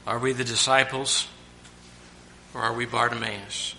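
A man preaches a sermon in an everyday mid-range voice with a very bright, forceful tone, now and then bursting into loud, acted-out shouts. His delivery is steady and a little slow, and a faint hiss sits beneath his voice.

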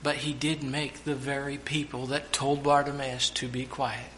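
A man preaching a sermon to his church, now and then shouting out the lines of the story he tells. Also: medium pitch, flat delivery, moderate pace, slight background noise. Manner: preaching with sudden loud acted-out shouts.

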